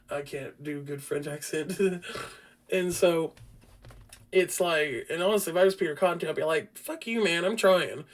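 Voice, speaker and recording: A man hosting a podcast, casually reviewing a film in a rambling, profane way with frequent restarts. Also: high-pitched. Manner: grows loud and animated. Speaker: podcast host.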